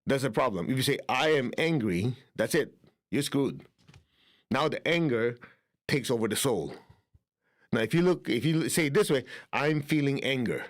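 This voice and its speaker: A man giving a spiritual healing lesson at a middle pitch, talking to his listeners in a relaxed, conversational way. He keeps checking whether they follow and slips into short acted-out inner monologues. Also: normal speed, long pauses. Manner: acts out inner dialogue in quoted asides. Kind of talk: instructional talk on spiritual healing.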